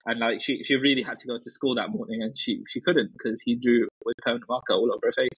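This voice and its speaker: A man talking as a podcast guest, telling stories in an animated way with many fillers. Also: mid-range voice, fast, husky, dry recording, poor audio. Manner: animated storyteller, frequent fillers and restarts. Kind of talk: casual chat.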